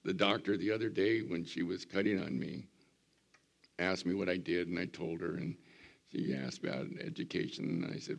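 A man in his seventies, a pastor preaching a folksy, storytelling sermon with a hoarse, recovering voice. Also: low voice, moderate pace. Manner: folksy storytelling, animated when mimicking. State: hoarse, recovering voice after surgery.

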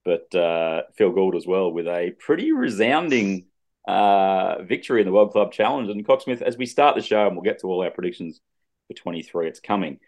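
Brief: low-voiced Aussie host, joking banter, middle-aged. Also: male voice, very animated, moderate pace, darkish tone. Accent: Australian. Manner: laughs often, teasing banter. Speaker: podcast host. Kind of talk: casual sports chat.

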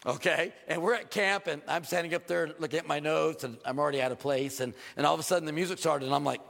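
A man preaching with a gravelly edge and a voice pitched a little high for a man. His storytelling delivery rises to emphatic points, and long reverb from a large church hangs after his words. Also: steady tone, quick pace, a bit bright. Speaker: pastor. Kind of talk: sermon.

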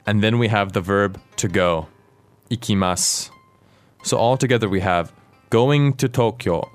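A man hosting a podcast language lesson, explaining words clearly and asking his co-host questions. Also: on the low side, measured pace, soft background music.

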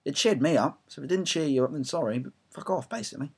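A man's voice: medium pitch, expressive, fast, a little mellow, breathy edge. Rambling, swearing young English man. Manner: swearing, rambling, self-mocking. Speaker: football fan blogger. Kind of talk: ranting audio blog.

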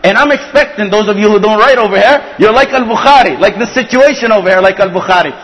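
High-voiced man teaching in a hall. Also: fast. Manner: animated, acts out quoted speech, frequent restarts. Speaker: religious teacher. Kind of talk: storytelling religious lecture to students.

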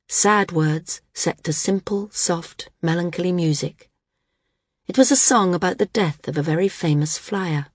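A woman narrating a story in a calm, measured reading on a close studio mic. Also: fairly low pitch, breathy edge, no room sound. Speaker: audiobook narrator. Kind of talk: scripted narration.

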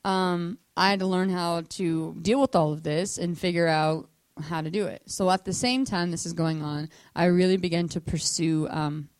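A woman giving a casual, animated testimony sermon to a church audience, full of fillers like "like" and acting out the voices of people in her story. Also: fairly low pitch, dry recording.

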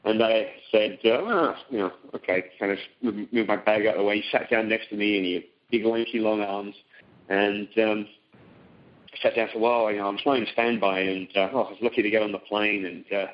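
A man in middle age talks through a phone seminar in a relaxed, conversational way. His voice sits fairly low and he stumbles often, filling gaps with ums and restarting phrases. The call audio is dull and lo-fi. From Britain. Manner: halting, many ums and restarts. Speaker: teleseminar guest.

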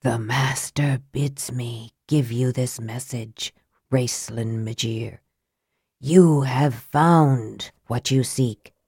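A woman voicing a dry, hushed ghostly wraith. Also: rumbling low, breathy edge, no echo, voice pushed down, exaggerated voice. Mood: ominous. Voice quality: dry, soft, ashen whisper-like voice. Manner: slow, hushed, ominous delivery. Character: ghostly wraith messenger, cold and solemn.

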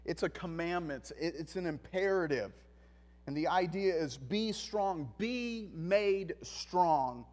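A male pastor preaching a sermon, emphatic, with deliberate pauses and repeated phrases. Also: high voice.

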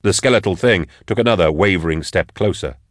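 Male audiobook narrator, low register, dry booth sound, measured delivery. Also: dry recording. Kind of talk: scripted narration.

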